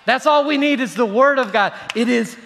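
A man preaching in a high, bright voice that carries through a church hall with a long echo. He is animated and sometimes pokes fun at overdone prayer habits. The sound is roomy, heard from the congregation's side. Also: brisk. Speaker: pastor. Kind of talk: sermon. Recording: reverberant hall.

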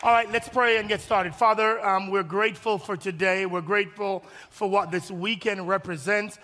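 High bright-voiced preaching man. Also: normal speed, in a large hall, a faint crowd. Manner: animated, lively storytelling with call-and-response. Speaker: pastor. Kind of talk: sermon.

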